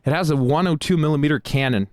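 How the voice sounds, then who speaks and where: A man hosting a livestream, chatting casually while playing a game, easily distracted and excitable. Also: on the high side, fast talker. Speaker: stream host playing a game.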